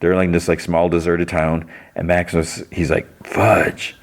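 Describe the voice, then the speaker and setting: A man's voice: low-pitched, completely flat delivery, fairly quick. A man hosting a podcast, casually recapping a show's plot in a rambling way, full of "like"s and restarts. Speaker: podcast host.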